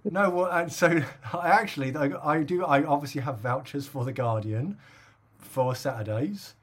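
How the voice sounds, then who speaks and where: Husky rambling middle-aged man. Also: fairly high pitch, normal speed. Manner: rambling storyteller with many fillers and laughs. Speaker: podcast co-host. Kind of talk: casual chat.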